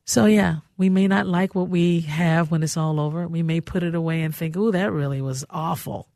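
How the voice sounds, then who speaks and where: A woman's voice: lowish voice, level tone, moderate pace, a little mellow, no echo. Chatty woman radio host, dry studio sound. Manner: chatty, effusive, giggly. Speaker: radio talk show host. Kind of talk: casual radio talk.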